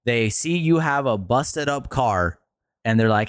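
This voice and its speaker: A man's voice: normal speed, no room sound, studio quality. Exasperated man ranting, swearing freely. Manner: frustrated, exasperated, swears often; pitch jumps up sharply when worked up. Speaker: streamer commentator. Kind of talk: ranting commentary video.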